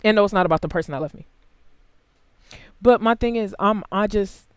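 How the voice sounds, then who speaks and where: A tarot reader giving a casual, blunt and heavily profane reading to camera, swinging between quiet asides and loud outbursts. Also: brisk, clear, resonant tone, no echo. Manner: big jumps in pitch and loudness.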